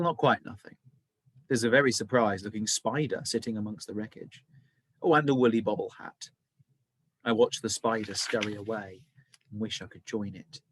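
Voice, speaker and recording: A male teacher reading a children's novel aloud, with expressive, dramatic storytelling. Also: medium pitch, dry recording.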